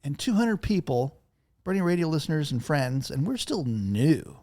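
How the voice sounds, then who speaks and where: A man who owns a radio station, telling a story in an interview from a small radio studio with animated energy. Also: fairly high pitch, normal speed. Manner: lively, acts out other people's voices. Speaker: radio station owner, guest.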